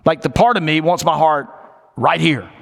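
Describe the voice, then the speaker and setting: A man preaching a sermon in a church, conversational, slowing down for emphasis and dropping in playful asides. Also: a little high, creaky, a bit bright, big-room sound. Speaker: pastor. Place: church sanctuary.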